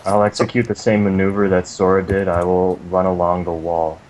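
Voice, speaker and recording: A man's voice: low-pitched, level tone, brisk, a little mellow, slight background noise, poor audio. A man playing a tabletop game, matter-of-fact in how he states his moves. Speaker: player. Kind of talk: casual tabletop game play.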